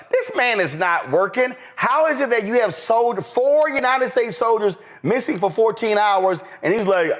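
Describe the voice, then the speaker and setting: A man's voice: high-pitched, animated, moderate pace, hardly any pauses. A middle-aged man hosting a political talk show, indignant and emphatic, rising into exclamations. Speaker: show host. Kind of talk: political commentary.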